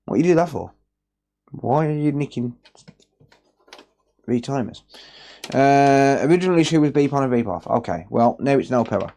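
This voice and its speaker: A man's voice: medium pitch, expressive, normal speed, pauses often, warm tone. A man hosting a live repair stream, joking bluntly with chat and reading out repair notes. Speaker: electronics repair livestream host. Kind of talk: casual livestream chat while working. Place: repair workbench indoors.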